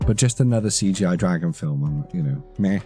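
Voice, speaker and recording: A man's voice: deep voice, animated, fairly quick, over music. A man in his thirties, chatting casually and rambling on a live stream, swearing casually.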